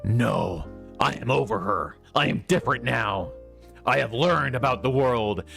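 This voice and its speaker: A man voicing a brooding, angry teenage male hedgehog who talks slowly and sullenly. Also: medium pitch, gravelly, a bit bright, soft background music, pitched above the performer's own voice. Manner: sullen, slow and sneering.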